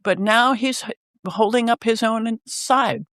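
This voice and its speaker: A podcast co-host in casual chat, earnest and lively. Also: medium pitch, unhurried, dry recording, clean studio sound.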